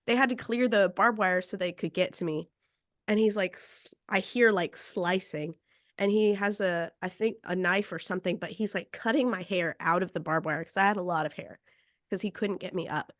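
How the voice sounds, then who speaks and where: A woman's voice: mid-range voice, dry recording. Woman host telling a wild story, quotes everyone, laughs a bit, mid voice, dry no room sound. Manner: lively, quotes people in the story, laughs between lines. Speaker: podcast host. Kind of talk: casual storytelling.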